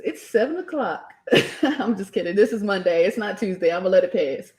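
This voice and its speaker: A woman's voice: medium pitch, lively intonation, a little fast, darkish tone. A young adult woman, chatting casually on a live stream, laughing often and raising her voice when quoting herself. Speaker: streamer and channel host.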